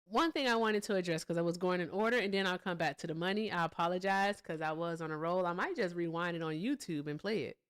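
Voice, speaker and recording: A woman hosting a casual political commentary livestream talks quickly with few pauses, her fairly low voice smooth and fairly bright in tone. She's blunt, swears, and breaks off between points to talk with viewers.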